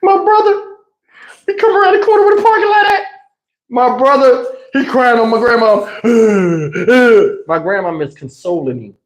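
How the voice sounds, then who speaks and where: A man's voice: extremely high pitch, expressive, moderate pace, roomy sound, low-quality recording. A man telling a comic family story on a livestream, slangy and profane. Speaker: livestream host.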